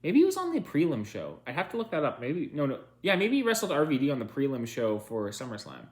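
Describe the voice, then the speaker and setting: A man's voice: a little high, wildly swooping pitch, quick pace. A man casually recapping old wrestling matches, rambling with fillers and restarts, a bit tired. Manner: rambling, filler-heavy, self-correcting. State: tired, yawning. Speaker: wrestling reviewer.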